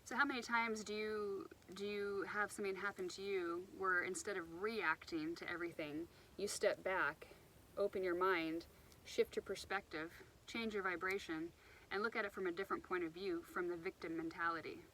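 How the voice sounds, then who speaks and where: A woman's voice: lowish voice, steady tone, moderate pace, bright, forceful tone, a little hiss or hum, rough recording. A woman giving an unscripted motivational talk outdoors by the water, rambling a little and restarting her sentences as she goes. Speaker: self-help speaker.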